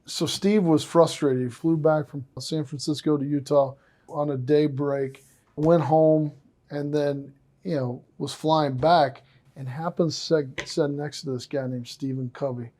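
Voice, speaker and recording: A man's voice: fairly high pitch, a little slow. A man hosting a podcast, enthusiastic and effusive as he tells stories. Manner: enthusiastic, effusive, animated storyteller. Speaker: podcast host. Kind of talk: casual podcast conversation.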